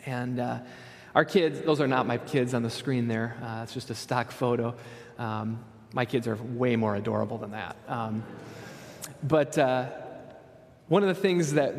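A fairly high-voiced man in his thirties preaching a relaxed, story-driven sermon. He keeps turning to his listeners with quick "right?" asides. His voice rings out with a long hall echo, as in a large church. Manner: storytelling, often asks the audience "right?". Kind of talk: conversational sermon.

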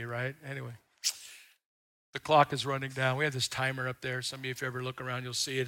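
Male pastor, middle-aged, bright ringing tone; folksy sermon delivery that builds to loud peaks. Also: a little high. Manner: folksy storytelling, swells loud on key lines.

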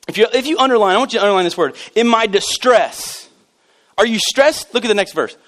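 A man in his thirties preaches to a congregation with a high-pitched voice. He swings from loud, excited bursts down to hushed, low asides. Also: fairly quick. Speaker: pastor. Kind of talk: sermon. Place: church sanctuary.

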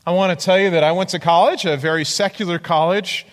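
A man with a somewhat high voice preaches in a church hall with a long, ringing echo. He tells his testimony as an animated story and acts out the voices of the people in it. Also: fast. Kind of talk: sermon with personal testimony.

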